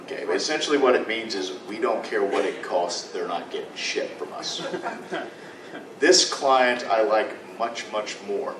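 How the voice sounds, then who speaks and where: A man's voice: fairly low pitch, lively intonation, a little slow. A man, a lawyer, telling a story to a convention audience in a dry, matter-of-fact way. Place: convention panel room. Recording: echoey room from far off with noise.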